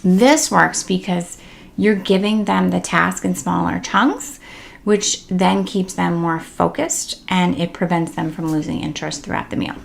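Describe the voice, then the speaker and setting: A woman's voice: lowish voice, measured pace, vocal fry, a little hiss or hum. A woman giving casual, chatty parenting tips as the host of a tip series, with many fillers and upbeat emphasis. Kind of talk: casual instructional talk to camera.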